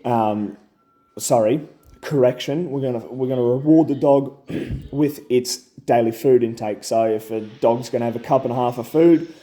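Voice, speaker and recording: A man's voice: mid-range voice, moderate pace, warm tone. A young man giving a casual, plain-spoken dog training lesson, often checking in with "okay?". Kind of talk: casual instructional talk.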